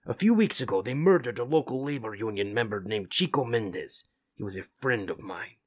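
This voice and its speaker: A man voicing a wise, solemn jaguar mutant in a measured, husky voice, with Spanish words mixed in, for a comic read-aloud. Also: fairly low pitch, lively intonation.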